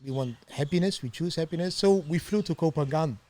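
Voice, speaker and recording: A middle-aged man tells his story as a podcast guest, animated and quick to laugh. His voice sits a bit high for a man. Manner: animated, laughs often, acts out quoted voices. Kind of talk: storytelling interview.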